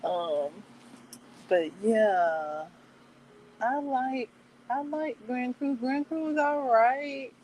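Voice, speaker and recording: A woman's voice: sits high, very slow, long pauses, darkish tone, muffled recording, slight background noise. A woman hosting her channel, chatting casually in a meandering, hesitant way with many fillers and restarts. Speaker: book club channel host. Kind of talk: casual chat.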